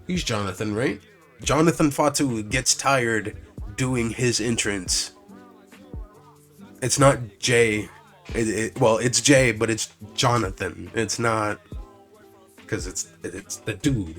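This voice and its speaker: A young man casually recapping wrestling shows, rambling, swearing, restarting sentences and acting out what others said. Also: mid-range voice.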